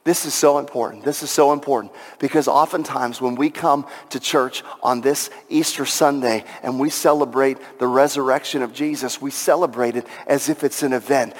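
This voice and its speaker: A man's voice: medium pitch, big-room sound. A male pastor preaching an Easter sermon with passion, repeating key lines for emphasis.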